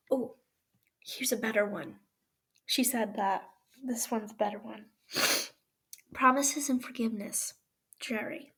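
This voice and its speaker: A woman's voice: fairly high pitch, fairly bright tone, husky. A woman reading fan fiction aloud, with emotional whispered asides and sighs. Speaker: fanfiction reader.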